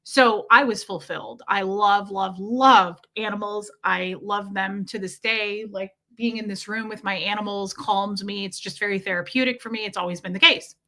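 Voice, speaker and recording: A woman's voice: mid-range voice, steady tone, normal speed, hardly any pauses, pushed and bright. A young woman hosting a livestream from a room at home with her pets, talking candidly and emotionally with lots of fillers and restarts. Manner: emotionally charged, near tears. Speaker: livestream host. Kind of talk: casual confessional livestream talk.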